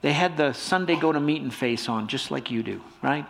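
A male pastor preaching a sermon with a stuffy nose, swinging between loud emphasis and soft hushed lines. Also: a little high, moderate pace, creaky.

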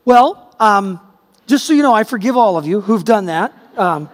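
A man's voice: high-pitched, animated, moderate pace, long reverb tail. A middle-aged man preaching a sermon, telling a personal story in a conversational way that builds to emphatic peaks. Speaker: pastor.

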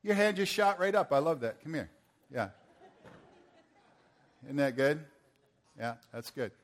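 A man preaching a sermon, swinging from forceful declarations to playful banter with volunteers he calls on stage. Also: on the high side, normal speed, pauses often. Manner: rises to forceful proclamations, then playful and joking with volunteers. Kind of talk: sermon with live audience demonstration.

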